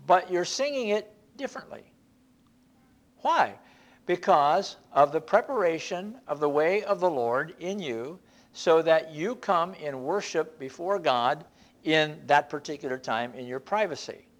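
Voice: mid-range voice, expressive, measured pace. A Bible class teacher giving an informal church lesson in a conversational, folksy way, often repeating and restarting phrases.

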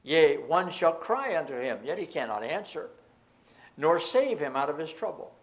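A man's voice: a little high, very animated, moderate pace. A man preaching a Bible teaching, reading scripture aloud and explaining it with emphatic outbursts.

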